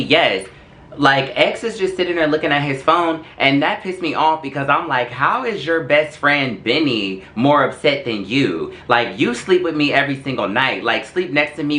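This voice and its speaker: A young man telling a story in an animated, sassy way while doing his makeup for a get-ready-with-me video. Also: mid-range voice. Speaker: vlogger. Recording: echoey room.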